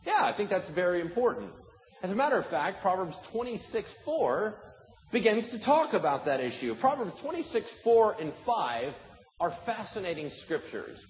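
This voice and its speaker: A man's voice: high voice, sing-song, normal speed. A male pastor preaching a sermon with humor, acting out little dialogues as he speaks. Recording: echoey hall, dull sound, faint noise.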